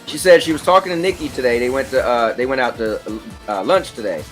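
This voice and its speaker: A man hosting a casual chat while playing a game, relaxed and reading out game stats. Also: mid-range voice, fast talker, soft background music. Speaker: host.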